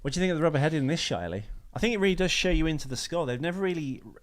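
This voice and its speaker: A man's voice: on the high side, expressive, very fast. A man co-hosting a casual film podcast, bantering and joking with mild swearing. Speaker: podcast co-host. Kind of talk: casual chat.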